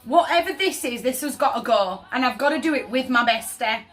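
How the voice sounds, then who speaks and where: Woman, high voice, chatty tarot reading, emphatic. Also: animated, brisk, fairly bright tone, soft background music. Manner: chatty, emphatic, often asks "does that make sense?". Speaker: tarot reader.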